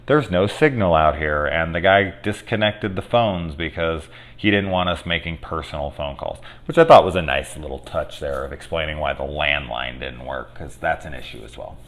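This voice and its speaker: Low-voiced man rambling through a movie review. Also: normal speed, few pauses, a bit bright. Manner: rambling, profane, many fillers. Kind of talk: casual spoiler movie review.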